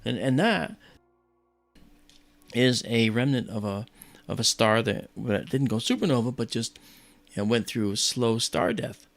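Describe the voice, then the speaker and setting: A man's voice: medium pitch, animated, measured pace, vocal fry, long pauses, no echo. A man hosting a livestream, telling a story in a chatty, enthusiastic way with many fillers. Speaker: livestream host. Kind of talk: casual storytelling.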